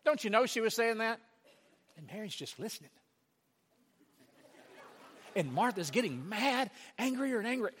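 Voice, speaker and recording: A male preacher with a high, bright voice, retelling a story with lively, emphatic swings. His voice rings with a long reverb from the hall. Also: a little slow, slightly rough. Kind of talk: sermon.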